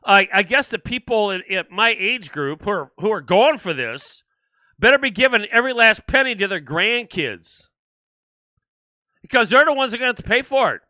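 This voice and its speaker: Older male host ranting on a livestream, indignant and repetitive, with a high, sharp, very bright voice. The sound is close and dry. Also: sing-song, normal speed, no room sound. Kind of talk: political livestream commentary.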